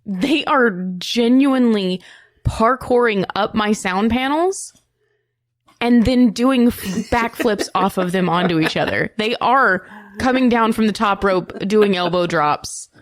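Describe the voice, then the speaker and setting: A woman co-hosting a podcast, chatting playfully and telling animated stories. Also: on the high side, measured pace. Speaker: podcast co-host. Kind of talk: casual chat.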